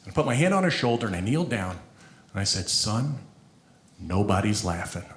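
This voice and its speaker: A man performing a stand-up comedy set, telling stories about his family in an animated way. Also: medium pitch, quick pace, roomy sound. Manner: animated storytelling, acting out quotes.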